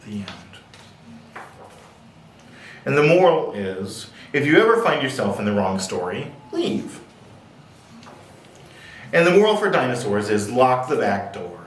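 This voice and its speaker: A man's voice: medium pitch, very animated, a little fast, few pauses, a little hiss or hum. A man reading picture books aloud at a library, with playful, jokey asides. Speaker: library storyteller. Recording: echoey room, distant mic.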